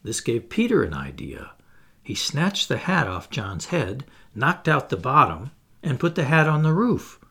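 A man reading a children's storybook aloud in an expressive narrating style. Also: on the high side, creaky, breathy edge. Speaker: audiobook reader.

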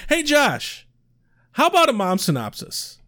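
Man, podcast co-host, high voice, wry, lively intonation. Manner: measured, wry, slightly rambling. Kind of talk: casual chat.

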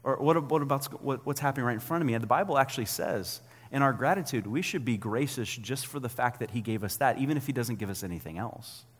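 A man in his thirties preaching a sermon as a pastor, talking conversationally and acting out quotes in an animated way. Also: mid-range voice, quick pace, hardly any pauses, long reverb tail.

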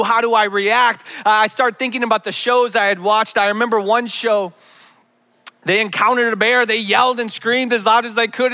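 A man in his thirties preaches a sermon and draws on a personal story. His voice sits high and sounds bright and forceful. He often repeats a word before moving on. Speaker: pastor.

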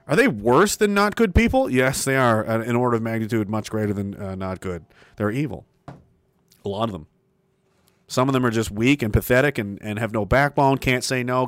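A Canadian man hosts a livestream, reading viewer comments in a casual, ranting monologue. His pitch is lively and his speech is profane and animated, swinging from loud emphasis to muttering. The recording is dry and close, with no echo.

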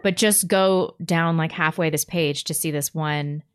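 A woman's voice: low-pitched, fairly even intonation, measured pace, clear, resonant tone. A woman co-hosting a call-in show, blunt and scornful. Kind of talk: casual call-in chat.

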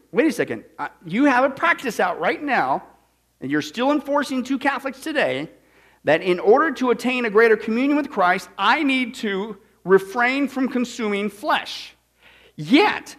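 Male preacher, high and very lively voice; sarcastic Bible teaching, jumps into asides, fires rhetorical questions. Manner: digressive with restarts and asides. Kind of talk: sermon-style Bible teaching.

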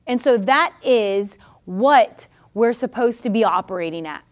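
A woman Bible teacher preaching on her podcast with fiery, exhorting energy. Her voice sits a little high, and she laughs easily between calls to action. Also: animated, unhurried. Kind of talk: podcast sermon.

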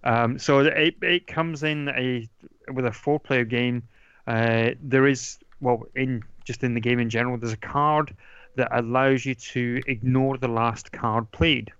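Casually rambling about board games with plenty of ums and restarts, the man speaks at a measured pace. His medium-pitched voice is steady, smooth, and fairly bright, set in a dull, dry lo-fi recording with no echo.

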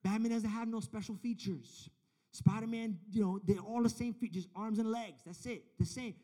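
A man with a high-pitched voice delivers a lively youth sermon. He tells stories, acts out little back-and-forth dialogues, and climbs to loud, emphatic peaks. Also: normal speed. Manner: animated storytelling, acts out dialogue; builds to loud, emphatic climaxes. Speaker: youth pastor.

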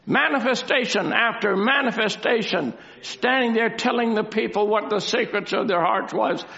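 A man's voice: high-pitched, gravelly, fairly bright tone. A man preaching a sermon, asking rhetorical questions and repeating key lines for emphasis. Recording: dull lo-fi recording.

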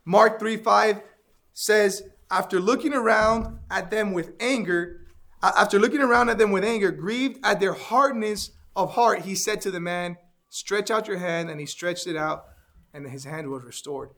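A man's voice: sits high, normal speed, fairly bright tone. A man teaching an interactive Bible lesson, asking the class questions and repeating their answers.

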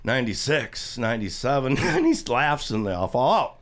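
A man's voice: on the high side, wildly swooping pitch, normal speed. A man hosting a radio show, casually rambling and telling a long joke in a chatty way. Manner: rambling storyteller, chuckles. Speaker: radio host.

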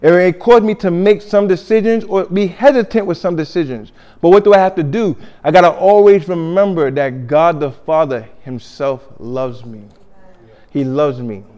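A man's voice: on the high side, moderate pace, dark tone, lo-fi sound. A man preaching a sermon with a conversational delivery. He often repeats himself and leads the congregation in call-and-response.

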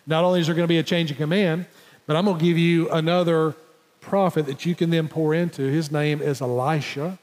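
A man's voice: on the high side, steady tone, fairly quick, darkish tone, in a large hall. A man preaching a sermon as pastor, emphatic and rising in intensity, acting out the lines of the story in his own voice. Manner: emphatic preaching, voices God and Elijah in quotes.

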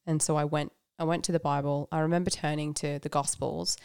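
A woman with a low, gravelly voice talks openly in a relaxed chat about her faith, dropping in fillers and laughs as she goes. The sound is dry and close, with no room around it. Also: fairly quick, no echo. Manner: candid and reflective, with frequent laughs and fillers. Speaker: guest. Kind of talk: casual conversation about faith.

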